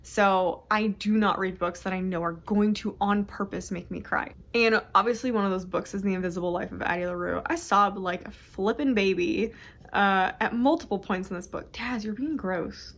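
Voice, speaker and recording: A woman's voice: medium pitch, normal speed. A young woman chatting casually about books at home for her vlog, rambling and interrupting herself. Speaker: book vlogger. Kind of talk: casual chat.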